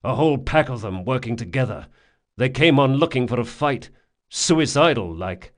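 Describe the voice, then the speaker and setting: A man voicing a burly, loyal thief who talks bluntly and forcefully in an audiobook. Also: mid-range voice, expressive, normal speed, lightly acted.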